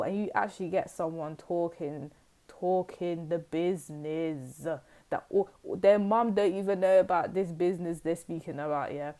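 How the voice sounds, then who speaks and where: A woman's voice: lowish voice, lively intonation, normal speed, darkish tone. A woman giving a casual, rambling tarot reading to her viewers, full of fillers and asides. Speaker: tarot reader.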